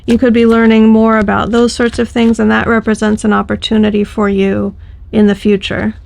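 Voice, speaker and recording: A woman's voice: on the high side, monotone, moderate pace, gravelly, a little mellow. A woman giving a casual spoken tarot reading to her viewers, thinking aloud with loose phrasing and frequent fillers. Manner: thoughtful, loose delivery with frequent fillers and restarts. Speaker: tarot reader.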